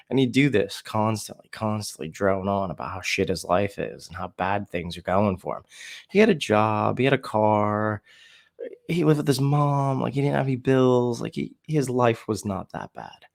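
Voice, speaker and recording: A man candidly telling a painful personal story, raw and profane, halting and restarting his sentences. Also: lowish voice, creaky. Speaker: storyteller sharing recovery story.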